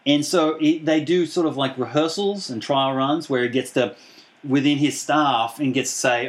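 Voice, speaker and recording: A man's voice: mid-range voice, fairly even intonation, normal speed. A man hosting a podcast in casual chat, rambling and laughing often as he retells a show. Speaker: podcast host.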